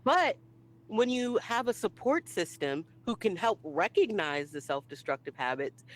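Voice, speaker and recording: A woman co-hosting a casual podcast, talking in a lively way and acting out quoted remarks. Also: medium pitch, unhurried, poor audio. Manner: lively, acts out quoted lines. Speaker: podcast co-host. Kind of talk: casual chat.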